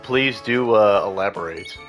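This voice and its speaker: A man's voice: on the low side, measured pace, music in the background. A tipsy man streaming a video game live, chatting casually and laughing often. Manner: giggly, laughs often and mimics lines.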